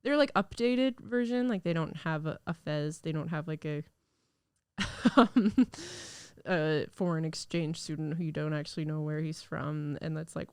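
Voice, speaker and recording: This young woman's voice is lowish, a little mellow, clear and resonant, with a measured pace and no echo. Recovering from illness, she hosts a casual solo podcast in a studio, rambling and using many fillers.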